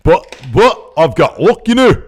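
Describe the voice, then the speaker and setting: A brash, boastful Scottish wrestler throws loud, mocking taunts in a pitched-up voice, as a man hams him up. The voice is thick with swagger and lively ups and downs. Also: unhurried. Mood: taunting. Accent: Scottish, put on.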